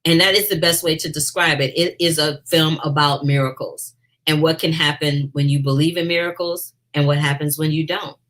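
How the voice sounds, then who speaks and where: A woman's voice: deep voice, fairly even intonation, normal speed, fairly bright tone. A woman film critic hosting a chatty movie review talk, addressing her viewers directly. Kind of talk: casual movie review chat.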